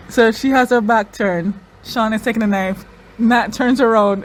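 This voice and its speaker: A woman hosting a reaction video, talking excitedly and repeating her exclamations, tearful at times. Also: fairly high pitch, moderate pace, low-quality recording. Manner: exclaiming, repeats phrases, says y'all. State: crying.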